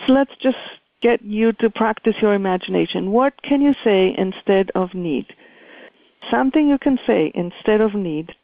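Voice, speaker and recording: A woman leading a communication workshop, speaking in a measured, deliberate way with many pauses. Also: medium pitch, expressive, no room sound. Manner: measured, deliberate, pausing often. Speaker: workshop facilitator. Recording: dry, phone-like line.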